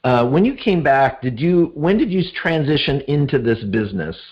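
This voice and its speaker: A man hosting an interview show, asking halting, searching questions. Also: medium pitch, sing-song, highs cut off. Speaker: host.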